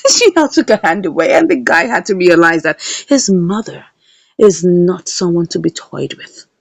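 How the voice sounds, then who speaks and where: A woman's voice: fairly low pitch, normal speed, gravelly, no room sound. A woman telling a drama's plot in a casual recap, acting out the characters' lines. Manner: animated storytelling, acts out the characters' lines.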